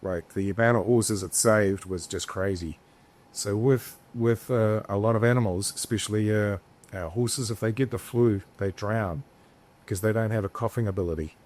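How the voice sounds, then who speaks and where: A man's voice: on the low side, normal speed, a little mellow. A man as a podcast guest, telling stories in a rambling, casual way, swearing freely and restarting his sentences. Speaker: podcast guest, business founder. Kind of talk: casual storytelling interview.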